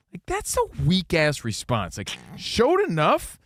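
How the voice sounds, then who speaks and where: A young man co-hosts a sports talk radio show and rants with real emphasis, acting out quotes as he goes. His voice sits a little high and swings widely in pitch. The sound is dry and close on a studio microphone. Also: takes it slowly, dry recording. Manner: animated, emphatic ranting, acts out quotes in voices.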